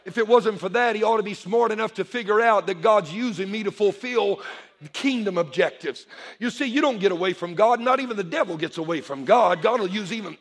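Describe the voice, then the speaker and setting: Man, pastor, high-pitched voice, lively sermon, call-and-response, church. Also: normal speed. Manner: animated preaching that swells to shouts, call-and-response. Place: church before a congregation.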